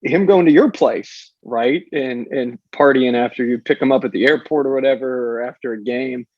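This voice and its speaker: A man's voice: medium pitch, moderate pace, no echo, lo-fi sound. A man co-hosting a podcast, chatting with a guest in an upbeat, casual way. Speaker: podcast co-host.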